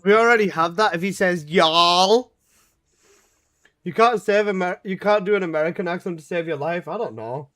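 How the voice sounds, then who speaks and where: A man's voice: high-pitched, fast, hardly any pauses, fairly bright tone. A young man streaming a game, chatting casually, reading chat aloud and answering with swearing and laughs.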